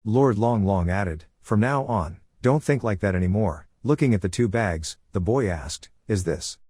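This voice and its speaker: Male recap narrator, low-ish voice, dry close sound, flat delivery. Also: normal speed, breathy edge, no room sound.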